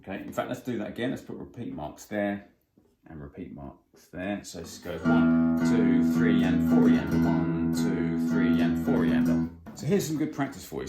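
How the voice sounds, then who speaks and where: Low-voiced man teaching rhythm. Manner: explains plainly, counts beats aloud. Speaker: guitar teacher. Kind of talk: music theory lesson. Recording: roomy sound with faint guitar.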